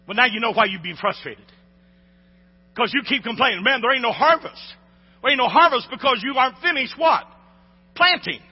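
Man, very high voice, husky; pastor preaching with call-and-response; dull recording. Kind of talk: sermon. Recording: lo-fi recording with long hall reverb.

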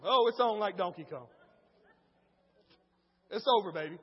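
A man preaching in a church with a very high, husky voice. He drops to quiet storytelling, then rises to shouted exhortation. The sound is dull and carries a long hall echo. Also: normal speed, long pauses. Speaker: pastor. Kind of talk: sermon.

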